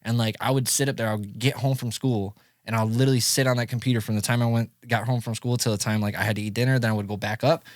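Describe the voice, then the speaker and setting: A man's voice: fast talker, few pauses, no room sound, studio quality. A man in his thirties from Syracuse, New York, a music producer telling his story in a casual podcast interview, acting out old conversations with big jumps in his voice. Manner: animated storyteller, acts out quoted dialogue with big pitch jumps. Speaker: music producer and engineer, guest.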